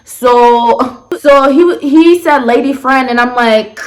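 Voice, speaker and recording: A young woman in casual storytime chat, blunt and sarcastic, who swears freely and jumps her pitch for emphasis. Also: slow. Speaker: storyteller vlogger.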